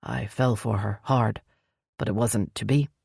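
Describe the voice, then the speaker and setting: A woman's voice: very deep voice, fairly even intonation, unhurried, a little mellow, no echo, studio quality, voice pushed down, exaggerated voice. A woman voicing a brooding male elf crown prince who speaks curtly and growls. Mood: stern. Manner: gruff, curt, growling.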